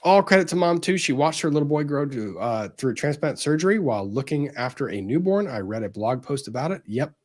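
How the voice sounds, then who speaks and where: A man's voice: a little high, expressive, fairly quick, hardly any pauses. Earnest man hosting a livestream. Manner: earnest, thanks viewers one by one. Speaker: livestream host reading super chats. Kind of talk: casual livestream chat.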